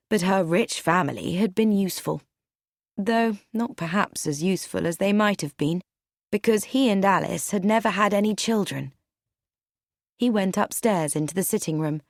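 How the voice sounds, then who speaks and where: Expressive woman narrating a story. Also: medium pitch, moderate pace, no echo, studio quality. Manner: expressive storytelling, varied inflection. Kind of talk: audiobook narration.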